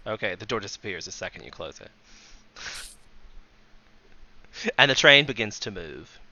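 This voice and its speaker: A man's voice: on the low side, sing-song, a little slow, sharp tone, dull audio. A man running a tabletop game as game master, laughing often and joking at himself. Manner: laughs often, restarts, self-mocking.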